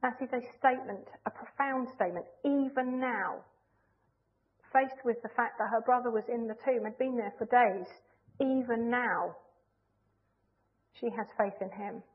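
A woman preaching a sermon in an earnest, measured way, leaning hard on key phrases. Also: on the high side. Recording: tinny phone-like line.

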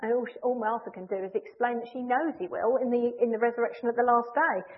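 A woman preaching a sermon in an earnest, measured way, leaning hard on key phrases. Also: a little high, fairly even intonation. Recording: tinny phone-like line.

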